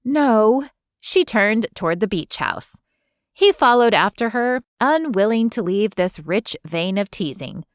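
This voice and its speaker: A woman reading romance fiction aloud as an audiobook narrator in an even, smooth storytelling manner. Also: medium pitch, unhurried, no echo, clean studio sound. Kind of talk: scripted narration.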